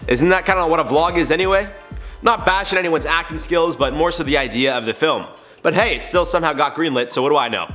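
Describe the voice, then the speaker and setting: A man's voice: fairly high pitch, fast talker, sharp tone, faint music behind. A man hosting a casual online news commentary show, chatty and opinionated as he talks through the story. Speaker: YouTube news commentary host.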